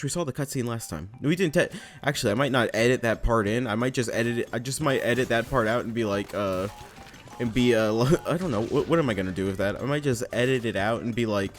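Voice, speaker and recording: A young man at his home desk mic, talking through a platform game in a loose, rambling way. He trails off and restarts, pokes fun at himself and swears casually, in a voice of ordinary middle pitch. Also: quick pace. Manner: rambling, self-deprecating, swears often. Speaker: let's play gamer. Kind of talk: casual gameplay commentary.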